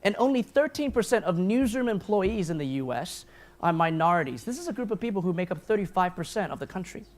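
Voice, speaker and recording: A man's voice: high voice, big pitch swings, quick pace. A man giving a keynote speech at a lunch event, telling a personal story in an earnest, self-deprecating way. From grew up in Taiwan, New Zealand and the United States. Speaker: keynote speaker. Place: event hall at a lunch gathering.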